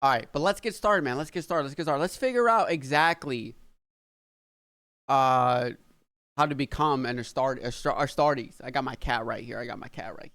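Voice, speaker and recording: An American man hosting a reaction video, casually chatting in an excitable, rambling way with plenty of swearing. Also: mid-range voice, moderate pace, no room sound. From United States.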